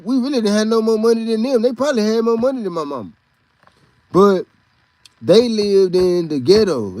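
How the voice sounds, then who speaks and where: Texan dude hosting a podcast, highish voice, cussing and rambling, dry close sound. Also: male voice, no echo. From Texas. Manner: profane, rambling, animated. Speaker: podcast host. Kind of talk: casual storytelling monologue.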